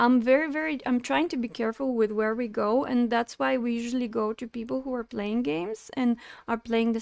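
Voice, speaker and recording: Gravelly high-voiced woman streamer chatting. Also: no room sound, clean studio sound. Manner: animated, indignant, talks to chat, laughs often. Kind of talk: casual live-stream chat.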